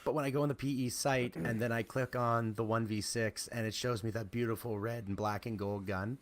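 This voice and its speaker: A man co-hosting a paintball podcast, animated and joking, swearing freely in casual chat. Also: medium pitch, brisk, a little hiss or hum. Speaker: podcast co-host.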